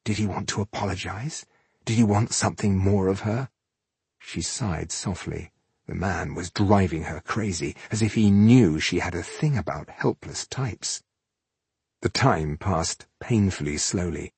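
Husky guy reading a fantasy audiobook, steady and measured, low voice. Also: dry recording. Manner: measured, even storytelling. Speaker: audiobook narrator. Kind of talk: scripted fantasy narration.

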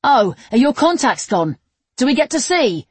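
A woman's voice: mid-range voice, sing-song, unhurried, slightly rough, no echo. A woman voicing a cheeky, meddling young man with an eager, showy manner in a read-aloud story. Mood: playful.

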